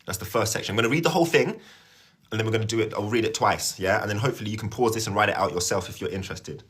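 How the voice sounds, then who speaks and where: A man's voice: fairly low pitch, rapid-fire, a bit bright, slightly rough. A young man hosting a spiritual live stream, reading a prayer aloud in an earnest, rambling way and checking in with viewers. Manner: earnest, rambling, repeats himself and checks in with "yeah?". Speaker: spiritual livestream host.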